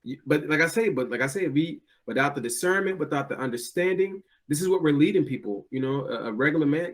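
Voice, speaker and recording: A man's voice: on the high side, fast, hardly any pauses. A man chatting casually as a podcast co-host, telling stories and acting out quotes in a raised voice. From United States. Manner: animated storyteller, acts out quotes in a raised voice. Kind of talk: casual chat.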